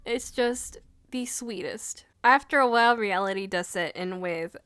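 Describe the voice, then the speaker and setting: A woman's voice: medium pitch, measured pace, fairly bright tone, no echo, studio quality. A woman reviewing an anime episode in a casual, gushing and emotional way, with lots of fillers.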